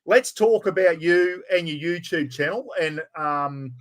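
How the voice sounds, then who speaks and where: A man's voice: on the high side, a little slow. An Australian man hosting a podcast, talking in a laid-back, casual way and swearing now and then. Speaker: podcast host. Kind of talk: casual chat.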